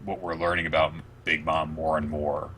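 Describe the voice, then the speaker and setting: A man hosting a podcast, chatting casually and recapping comics in an animated way with plenty of fillers. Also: extremely low pitch, moderate pace, breathy edge. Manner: animated, retelling scenes with lots of fillers. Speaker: podcast host. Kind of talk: casual manga recap chat.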